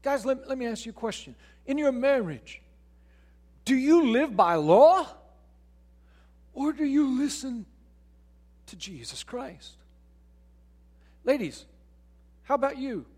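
A man preaching a sermon as pastor, swinging from hushed, slow lines to loud, pressing questions. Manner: acts out quoted voices, putting on an excited high voice.

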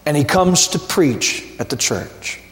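A man preaching a sermon as pastor, slow and emphatic, building to ringing repeated refrains. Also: fairly high pitch, expressive, a bit bright, echoey room, long reverb tail.

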